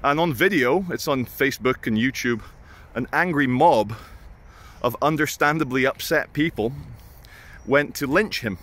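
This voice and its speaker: A man's voice: mid-range voice, a little slow, a bit bright. A British man spins casual stories for his channel, rambling and self-mocking. He swears freely and wanders off on asides. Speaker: vlogger. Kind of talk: casual anecdotal storytelling.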